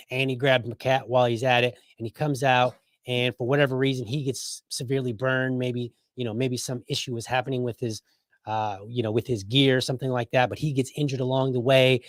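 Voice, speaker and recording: Podcast host, male, loose and exaggerating, mid pitch, close and dry. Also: little pitch movement, brisk, no room sound. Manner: conversational, hyperbolic, keeps asking "right?". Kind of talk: casual political commentary.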